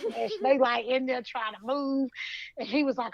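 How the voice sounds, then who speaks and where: A woman co-hosting a podcast in casual chat, retelling a story in an animated way and acting out the lines. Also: high-pitched, measured pace, dry recording. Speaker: podcast co-host. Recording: dull lo-fi sound.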